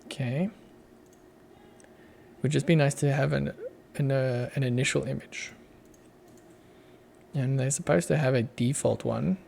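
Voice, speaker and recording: A man's voice: medium pitch, a little slow, gravelly, pauses often, a little mellow, a little hiss or hum. A young Australian man on a casual live coding stream, muttering to himself as he works and chuckling now and then. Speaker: streamer, app developer.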